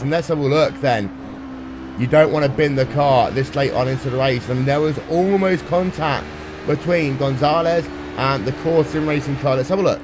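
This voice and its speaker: A man calling a sim race live, brisk and playful, with dry jokes. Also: a little high, background noise. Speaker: sim racing commentator. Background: music playing underneath.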